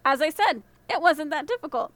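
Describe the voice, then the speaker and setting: A woman's voice: sits high, lively intonation, a little fast, fairly bright tone, no echo. A woman voicing a cocky young thief boy. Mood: smug. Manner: smug, unconcerned.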